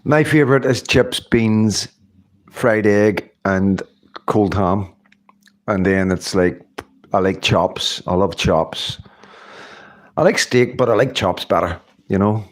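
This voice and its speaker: A man's voice: on the low side, takes it slowly, pauses often. A middle-aged man hosting a casual livestream, chatting in a rambling way and laughing often. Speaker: livestream host. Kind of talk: casual live-stream chat.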